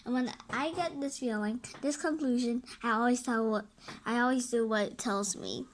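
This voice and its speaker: A woman's voice: fairly high pitch, normal speed, a little hiss or hum, natural voice. A woman voicing a frank, easygoing teenage boy in a graphic novel read-aloud, casual and searching for words.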